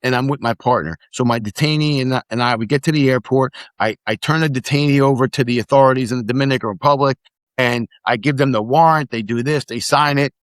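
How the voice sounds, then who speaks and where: A middle-aged man, a podcast guest, casually telling animated stories, acting out the quotes and swearing freely. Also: medium pitch, fast talker, dry recording. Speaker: podcast guest, former immigration officer. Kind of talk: casual storytelling in conversation.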